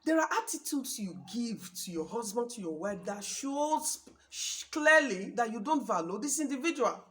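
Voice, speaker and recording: A woman's voice: fairly high pitch, lively intonation, moderate pace, a bit bright, slight background noise. A Nigerian woman hosting a show, giving emphatic, preachy marriage advice and repeating her points for stress. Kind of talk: talk show address.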